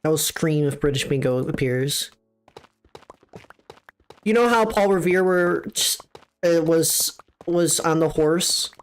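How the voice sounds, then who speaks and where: Excitable young woman streamer, lowish voice. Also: slow, long pauses, faint music behind. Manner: excitable, swears, breaks into high squeals. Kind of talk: casual live-stream gaming commentary.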